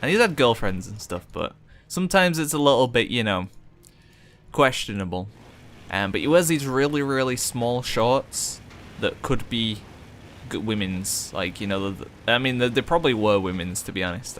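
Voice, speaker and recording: A man's voice: on the low side, animated, moderate pace, a bit bright, a little hiss or hum. A young man telling a rambling, chatty story with lots of fillers while streaming a game. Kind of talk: casual storytelling while gaming.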